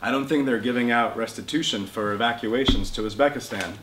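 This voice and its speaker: A man's voice: mid-range voice, fairly quick, lightly acted. A man reading a dry, exasperated young writer. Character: young adult grandson, a writer, wry and exasperated. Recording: roomy bookshop with faint noise.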